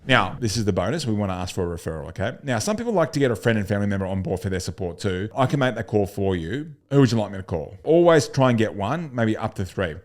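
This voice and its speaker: A man's voice: lowish voice, very animated, fast talker, hardly any pauses. A man coaching gym owners on a sales script, blunt and swearing casually as he acts out calls.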